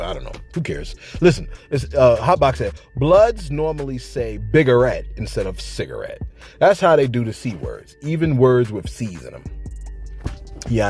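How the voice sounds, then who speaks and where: A man talks straight to camera in a loose, jokey vlog style, reading out comments and answering them. His middle-pitched voice swings up and down in lively arcs as he hammers his points home through repetition. Faint music sits underneath. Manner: animated, argues with himself, jokey asides; emphatic, repeats himself for effect. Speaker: vlogger reading viewer comments. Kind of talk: casual commentary.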